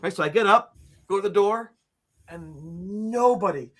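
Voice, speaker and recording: A man of about sixty, a guest on an interview show, telling a personal story in a lively way and acting out the quotes. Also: high-pitched, unhurried. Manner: lively, acts out quotes and screams, frequent "like" fillers. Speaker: interview guest, author and teacher.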